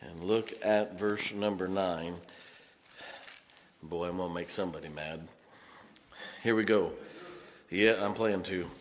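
A man's voice: deep voice, measured pace, pauses often, fairly bright tone. A male pastor preaching a sermon, telling folksy stories and laughing often between points. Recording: long hall reverb.

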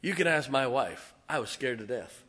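Male pastor, sermon, bright forceful voice, animated, emphatic, congregation call-outs. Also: mid-range voice, moderate pace. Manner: animated, excitable preaching.

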